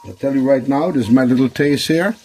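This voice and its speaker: A cooking show host runs a relaxed demonstration in his kitchen, chatting to viewers and repeating phrases as he goes. His voice is medium-pitched, brisk, and a little mellow, and the recording quality is rough.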